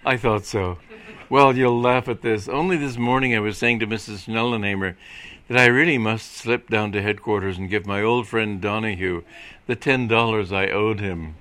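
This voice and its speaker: A man voicing a fawning middle-aged film mogul who coaxes and flatters in a quick, ingratiating way. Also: on the low side, lightly acted. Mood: wheedling. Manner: coaxing, fast, ingratiating.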